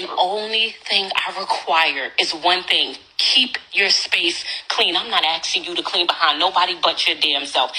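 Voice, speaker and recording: A woman's voice: lowish voice, sharp tone, low-quality recording. A mother venting to her viewers in a casual vlog, exasperated and cursing freely as she addresses them directly. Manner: exasperated, profane, talks straight to viewers.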